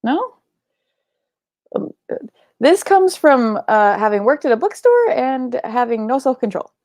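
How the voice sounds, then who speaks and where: Young woman host, loose chatty delivery with fillers and swearing; creaky tone, dry room. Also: high-pitched, big pitch swings, unhurried, darkish tone, no echo. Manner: chatty, swears casually, many filler likes and ums. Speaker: book club live show host. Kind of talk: casual livestream chat reading comments.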